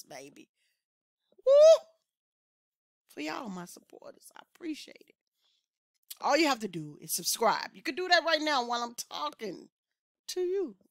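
A woman hosts a music reaction vlog in a loose, excitable way, full of loud exclamations and quick laughs. Her voice sits fairly high with a sharp, bright edge. The sound is dry and close, with little room around it. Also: no echo. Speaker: music reaction channel host. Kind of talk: casual reaction vlog chat.

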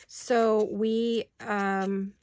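A woman's voice: mid-range voice, flat delivery, drawn-out words, a little mellow. An older woman chatting casually while doing paper crafts at her desk, rambling with apologetic asides. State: hiccups.

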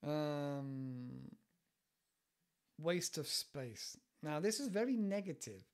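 An English teacher with a West Country accent hosts a casual podcast lesson on idioms, speaking slowly in a slightly high, animated voice. He's chatty, wanders off on tangents, and laughs often.

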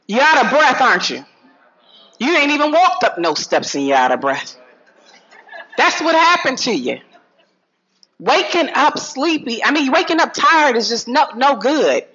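A woman giving a lively health talk to an audience, swinging from low asides to loud calls. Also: a little hiss or hum. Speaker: health speaker addressing an audience. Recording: dull lo-fi sound.

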